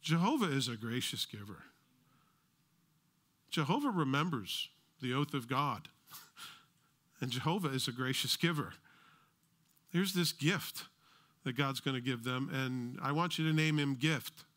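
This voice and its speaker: Bright-voiced American pastor preaching. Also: male voice, medium pitch, expressive, unhurried, pauses often. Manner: conversational, joking asides. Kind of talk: sermon.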